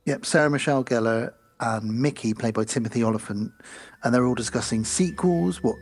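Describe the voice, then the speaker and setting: A man's voice: medium pitch, fairly quick. A man co-hosting a podcast, rambling chattily through a film recap with many ums. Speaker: podcast co-host. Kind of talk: casual chat recapping a film.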